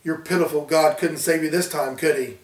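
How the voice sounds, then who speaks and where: A man's voice: a little high, steady tone, fairly quick, lightly acted. A man voicing a deranged, taunting young killer. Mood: gloating. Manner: taunting, menacing. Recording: roomy, distant from mic.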